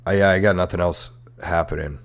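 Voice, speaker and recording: A man with a very low, deep voice talking casually as a comedic history host. He swears freely, fills his sentences with ums and uhs, and stumbles over his words before correcting himself. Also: steady tone, normal speed. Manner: loose and profane, with fillers and self-corrections. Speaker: podcast host.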